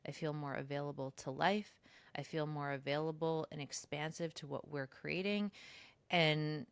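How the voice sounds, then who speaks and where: A woman's voice: steady tone, normal speed, creaky, clean tone, dry recording. A woman co-hosting a podcast, talking in a reflective, casual way with many fillers. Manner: reflective, lots of "like", slips into high mocking voices when quoting herself. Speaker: podcast co-host. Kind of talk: casual spiritual chat.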